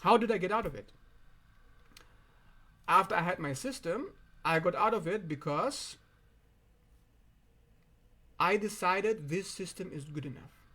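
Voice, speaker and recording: A man's voice: high-pitched, animated, a little slow, long pauses, bright, forceful tone. A man who is not a native English speaker, giving an emphatic, profane self-help monologue straight to the viewer. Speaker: self-help video host. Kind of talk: direct-to-camera monologue.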